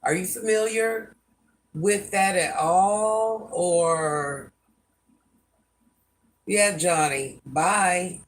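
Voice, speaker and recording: A woman's voice: on the low side, extremely slow, pauses often, slight background noise. An older woman hosting a casual livestream, answering viewer comments bluntly and sassily, often talking about herself in the third person. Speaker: livestream host.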